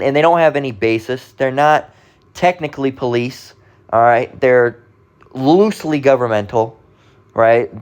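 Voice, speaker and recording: A man's voice: medium pitch, clean tone. A man giving impassioned religious commentary as a preacher, rambling and repetitive, swearing freely and groping for words. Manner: rambling, repetitive, profane, restarts and gropes for words. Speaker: street preacher.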